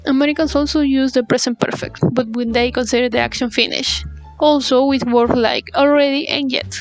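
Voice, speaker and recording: A woman whose first language is Spanish, reading a scripted English lesson and carefully reading out paired example sentences. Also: high voice. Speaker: English teacher.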